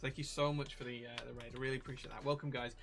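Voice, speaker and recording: A man's voice: mid-range voice, little pitch movement. A man with a Yorkshire accent from Leeds, hosting a casual livestream from a keyboard workshop and reading out viewer comments. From Leeds, England. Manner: chatty, reads out chat, quick asides.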